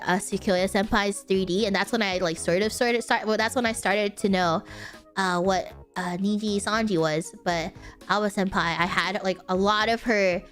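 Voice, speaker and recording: A woman streamer in casual chat who rambles, giggles and keeps correcting herself mid-sentence. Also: mid-range voice.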